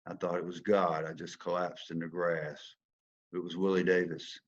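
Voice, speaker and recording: Older Southern man, low-voiced storyteller; big swings from loud to near-whisper, dull lo-fi sound. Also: little pitch movement, normal speed. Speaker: speaker telling a personal story. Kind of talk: storytelling talk.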